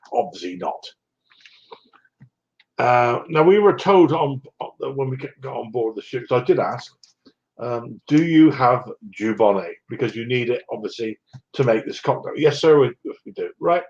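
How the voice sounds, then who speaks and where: A man's voice: medium pitch, highs cut off. An older man from England telling a rambling travel story in a wry, self-mocking way. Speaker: vlogger. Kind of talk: casual storytelling.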